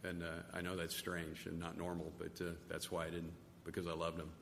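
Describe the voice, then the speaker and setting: Halting low-voiced man in an echoey hall. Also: completely flat delivery, vocal fry. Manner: halting, repeats words, soft-spoken. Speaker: testimony speaker. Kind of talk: personal testimony talk. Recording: long hall reverb, faint noise.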